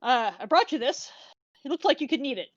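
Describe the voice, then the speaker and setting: High-voiced giggly woman on a dull mic. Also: lively intonation, fairly quick, no echo. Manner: giggly, hesitant. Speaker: player. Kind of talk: tabletop role-play.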